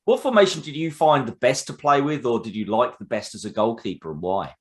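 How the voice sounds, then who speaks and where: A male podcast host with a middle-pitched voice who talks in a casual, easygoing way. He often pauses and fills gaps with "um" as he introduces guests and asks questions. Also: lively intonation. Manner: hesitant with frequent fillers. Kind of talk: casual interview.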